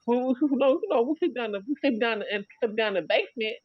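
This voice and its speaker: Woman livestream host, casual storyteller, repeats and restarts constantly, higher voice, dry muffled audio. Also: animated, fast talker, dry recording. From Chicago area. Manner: rambling storytelling with many repetitions and restarts.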